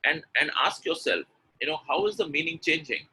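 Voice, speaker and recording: A man's voice: a little high, expressive, fairly quick, sharp tone, slightly rough, rough recording. A man teaching pronunciation in an online webinar, explaining patiently and acting out example sentences. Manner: explanatory, repeats example sentences with exaggerated intonation. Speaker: English pronunciation coach.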